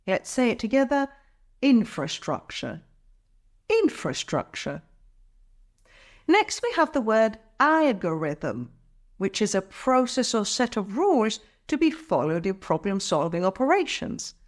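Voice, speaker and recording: A woman teaching English pronunciation, breaking words into syllables and saying them slowly and carefully for learners to repeat. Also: on the high side, big pitch swings. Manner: careful, drawn-out syllables for practice. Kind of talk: slow, clear pronunciation lesson.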